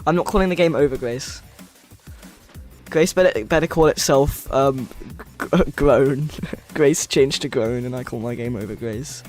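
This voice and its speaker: A man's voice: medium pitch, measured pace, darkish tone, soft background music. A young American man streaming a game-building session, chatting with viewers in a rambling, playful way. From United States. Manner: rambling and playful, reads chat aloud. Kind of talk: casual chat with live viewers.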